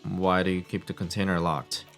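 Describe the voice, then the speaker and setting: A brash, hard-drinking detective from a video game, voiced by a man. He sounds pushy and deadpan in a deep, low voice, with faint music underneath. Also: normal speed, vocal fry. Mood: probing. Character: boozy, brash male police detective. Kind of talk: reading game dialogue aloud.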